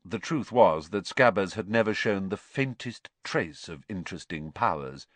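A man giving expressive scripted narration of a storybook audiobook. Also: low-pitched, moderate pace, no echo.

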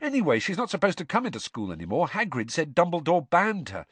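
A man doing an indignant, squeaky teen boy. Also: wildly swooping pitch, fast talker, a bit bright, breathy edge, no room sound, full character voice. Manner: indignant, exasperated. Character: indignant gangly teenage boy sidekick.

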